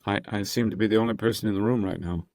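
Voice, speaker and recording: A man's voice: fairly low pitch, fairly even intonation, fast talker, a little mellow, no echo. A man guesting on a podcast, talking casually and playfully, slipping into demonstration voices as he explains. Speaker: actor and impressionist guest.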